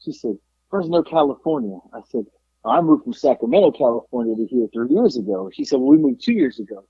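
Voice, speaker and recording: A man's voice: mid-range voice, very animated, fast talker, slightly rough, no echo, dull audio. A man from South Florida co-hosting a podcast, telling a story in casual chat, acting out quotes and swearing freely. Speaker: podcast co-host.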